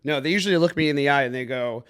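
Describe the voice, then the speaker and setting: A young adult man hosting a comedic news podcast, riffing sarcastically with an energetic, mock-announcer delivery. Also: medium pitch, racing, clean tone. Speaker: comedy news show host.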